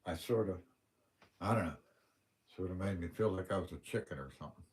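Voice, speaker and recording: Folksy Western Pennsylvania man, lowish voice. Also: brisk, darkish tone. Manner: folksy, plain-spoken storyteller. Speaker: livestream host. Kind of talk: casual rambling livestream chat.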